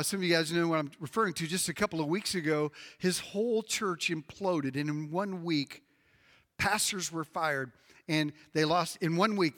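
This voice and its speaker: A man preaching a sermon as a pastor, in a lively conversational way with frequent repetitions. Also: sits high. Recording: long reverb of a large hall.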